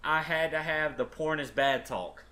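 A man's voice: a little high, unhurried, bright, forceful tone. A young man, a podcast co-host, telling a rambling story in casual chat and swearing freely.

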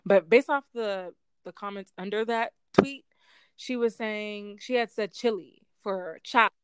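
A young woman co-hosting a podcast, telling stories in a rambling, animated way with lots of fillers. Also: medium pitch, unhurried, background noise. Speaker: podcast co-host. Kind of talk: casual chat.

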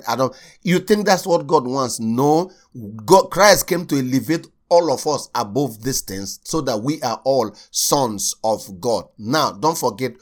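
A man preaching a sermon, repeating key lines slowly for stress and speaking straight to his listeners. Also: medium pitch. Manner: addresses listeners directly as sir and uncle.

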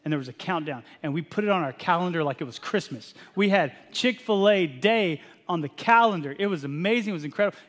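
A man in his thirties from Texas, a pastor preaching a sermon and telling an animated, self-deprecating family story. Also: high voice, fast talker, hardly any pauses. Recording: long hall reverb.

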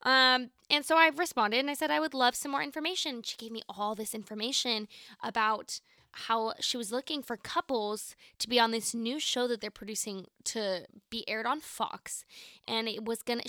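A young woman of nineteen hosts her own podcast and tells a personal story in a chatty, animated way. Her voice is bright and slightly high. The sound is close and dry, and she keeps acting out both sides of the conversation. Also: moderate pace, no room sound. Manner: chatty, animated, lots of "like" and quoted dialogue. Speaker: podcast host. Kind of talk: casual storytelling.

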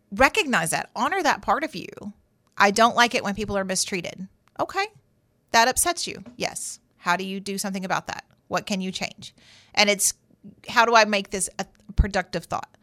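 A woman's voice: fairly high pitch, a bit bright, dry recording, studio quality. A woman therapist hosting a show, giving advice in a conversational, emphatic way and acting out people's inner voices. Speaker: therapist host. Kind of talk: advice monologue.

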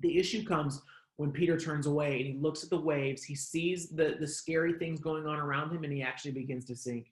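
Male pastor, chatty, filler-heavy, slightly higher voice, echoey room. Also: fairly even intonation, fairly quick. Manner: conversational, many fillers like "like" and "um". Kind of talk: casual online sermon.

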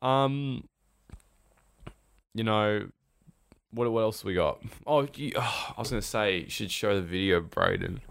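Young man, podcast co-host, deep smooth voice, rambling and loose. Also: measured pace, pauses often, fairly bright tone, dry recording, studio quality. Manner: rambling, laid-back, swears freely. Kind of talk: casual chat.

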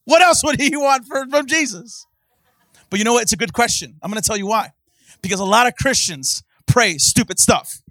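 High-voiced pastor guy preaching in church, goes from hushed to yelling, dry close sound. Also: expressive, moderate pace, no room sound. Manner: impassioned, swings from hushed to shouting. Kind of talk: sermon.

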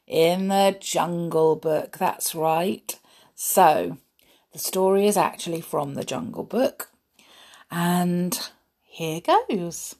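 A middle-aged woman, a mother, reading a children's story aloud in a gentle, chatty way. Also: fairly low pitch, vocal fry. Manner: gentle, chatty, with soft laughs.

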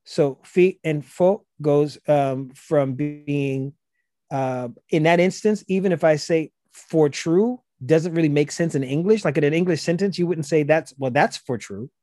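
A man's voice: fairly high pitch, a little slow, dark tone, no echo, clean studio sound. A man with a Gullah Geechee accent, talking as a guest and explaining his language in a loose, conversational way with frequent restarts. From South Carolina. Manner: loose, repetitive restarts, acts out quoted voices.

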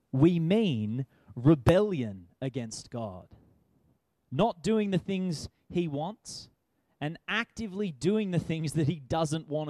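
A man's voice: a little high, a little mellow, no room sound. A man preaching a sermon in a conversational way, asking rhetorical questions.

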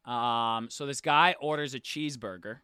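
A man's voice: mid-range voice, normal speed, smooth, no echo, clean studio sound. A young man on a podcast, casually telling a story and acting out the people in it, with the odd swear. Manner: animated storyteller, acts out quotes, swears casually. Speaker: podcast co-host.

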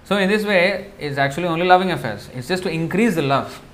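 A man giving a devotional lecture in a loose, conversational way, full of fillers, acting out quoted lines in a softer voice. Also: high voice, quick pace. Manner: conversational, many fillers, acts out quoted dialogue softly. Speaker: preacher.

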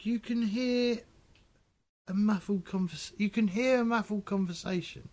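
A man narrating a tabletop game as game master, halting and full of restarts. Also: high voice, darkish tone.

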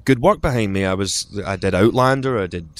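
A man's voice: on the low side, fairly quick. A middle-aged Scottish man, an actor, telling stories in a casual interview, rambling with restarts and acted-out quotes. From Scotland. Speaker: actor guest.

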